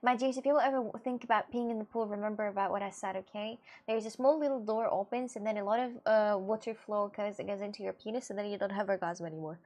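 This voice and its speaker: A woman's voice: mid-range voice, fast, few pauses, a little mellow. A woman streaming live, chatting playfully with her viewers and teasing them with mock-serious claims. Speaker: streamer reading chat. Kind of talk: casual live-stream chat.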